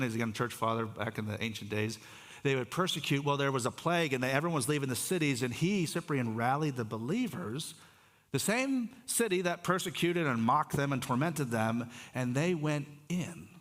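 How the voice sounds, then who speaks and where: Conversational pastor preaching in a reverberant hall. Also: male voice, mid-range voice, moderate pace, fairly bright tone. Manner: conversational, restarts phrases, asks the congregation questions. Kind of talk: sermon. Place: church sanctuary.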